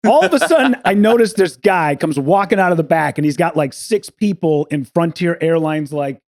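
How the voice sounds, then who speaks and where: Man telling a story loudly, voices everyone. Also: expressive, normal speed. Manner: acts out quoted people with big jumps up in pitch, swears a lot. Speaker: comedian guest. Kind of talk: animated storytelling.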